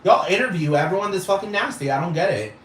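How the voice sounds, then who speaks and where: Exasperated ranting man, slightly high voice. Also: animated, fast talker, fairly bright tone. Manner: exasperated, repetitive rhetorical questions. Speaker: vlogger. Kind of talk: profane ranting monologue. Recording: roomy echo with faint noise.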